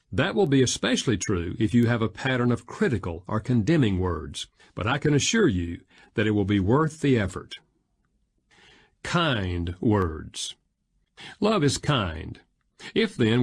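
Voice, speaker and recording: A man narrating an audiobook in a measured, expressive reading style. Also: mid-range voice, breathy edge.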